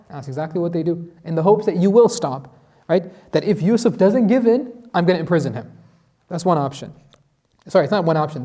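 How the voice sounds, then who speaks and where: Man, imam giving a lesson, high voice, fast talker, quizzes the class, recites verses. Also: warm tone. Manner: asks the class rhetorical questions, recites Arabic verses. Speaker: imam teaching Quran commentary.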